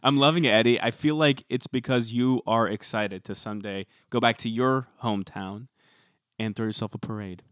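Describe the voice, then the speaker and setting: A man's voice: medium pitch, moderate pace, a bit bright, smooth, no room sound. A young man co-hosting a podcast in casual chat, teasing with dry humor. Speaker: podcast co-host.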